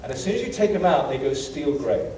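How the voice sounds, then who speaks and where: A man's voice: mid-range voice, sing-song, brisk, a little mellow. British man lecturing in an echoey hall. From Britain. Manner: anecdotal, self-deprecating, many fillers. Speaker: guest lecturer. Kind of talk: humorous travel lecture. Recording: echoey hall from far off, faint hiss.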